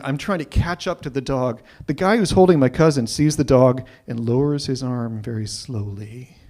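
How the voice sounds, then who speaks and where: A man telling a personal story live, animated and often repeating himself as he builds up. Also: mid-range voice. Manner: animated, repeats words when excited.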